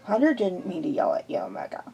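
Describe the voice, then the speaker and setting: A woman voicing a big, gentle, soft-spoken man in a fan fiction reading. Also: lowish voice, very animated, moderate pace, creaky, husky, dull audio, exaggerated voice. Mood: soothing. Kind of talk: fan fiction read aloud.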